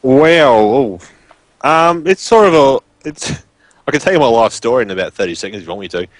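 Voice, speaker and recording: A man's voice: mid-range voice, lively intonation, fairly quick, dry recording. A man with a broad rural Queensland Australian accent, chatting casually and rambling on a live stream as a guest commentator. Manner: rambling, informal, filler-heavy.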